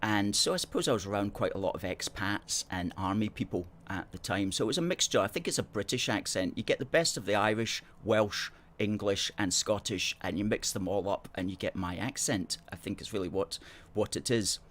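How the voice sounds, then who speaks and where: A man's voice: lowish voice, a little fast, a bit bright. Chatty, playful man hosting a livestream. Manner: playful, chatty, self-mocking. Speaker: host. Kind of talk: casual live-stream chat reading viewer comments.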